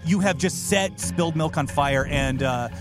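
A man narrating as game master of a comedic tabletop role-playing podcast, lively and playful. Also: moderate pace, music in the background. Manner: animated, jumps into high silly voices for side characters.

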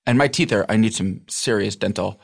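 A man guesting on a comedy podcast, spinning a rambling improvised anecdote in an earnest deadpan manner. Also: on the low side, a little fast, gravelly.

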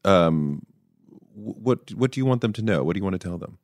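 A man hosting an interview, asking halting, searching questions full of fillers. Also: low-pitched, lively intonation, darkish tone, no room sound. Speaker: interview host.

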